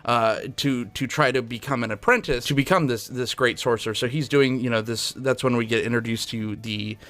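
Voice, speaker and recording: A man's voice: mid-range voice, brisk, fairly bright tone. Man hosting a rambling film chat. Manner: rambling, hesitant, many restarts and fillers. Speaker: podcast host, film reviewer. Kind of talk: casual film review chat.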